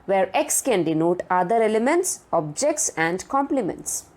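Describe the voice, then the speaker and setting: A woman giving a recorded grammar lecture, speaking deliberately and checking in with her students. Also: medium pitch, big pitch swings, darkish tone. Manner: sing-song rise on example sentences.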